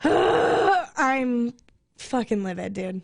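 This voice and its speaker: A woman radio co-host ranting and swearing in casual chat, fired up and talking fast. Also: fairly high pitch, big pitch swings, vocal fry, dry recording, studio quality. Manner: angry venting, swearing, rapid rants.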